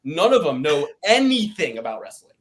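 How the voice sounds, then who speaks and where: A man's voice: on the high side, very animated, moderate pace. A man co-hosting a podcast, rambling in a casual chat and swearing often as he rants. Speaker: podcast co-host.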